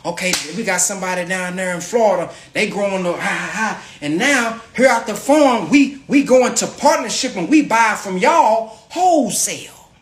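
Lively man hyping his viewers. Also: high-pitched, moderate pace, roomy sound. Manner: emphatic, repetitive, calls out to the audience. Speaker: livestream host promoting a farm venture. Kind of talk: animated motivational pitch to live viewers.

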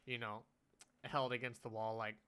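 Giggly rambling man with a smooth voice. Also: medium pitch, little pitch movement, moderate pace, sharp tone. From California. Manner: giggly, rambling storyteller, laughs often. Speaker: podcast co-host. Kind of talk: casual podcast chat.

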